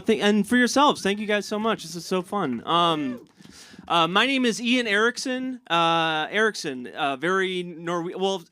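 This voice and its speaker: A man performing a stand-up set on stage. He speaks haltingly with many uh fillers and dry jokes. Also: high voice, pushed and bright, slight background noise. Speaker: stand-up comedian. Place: live comedy show on stage.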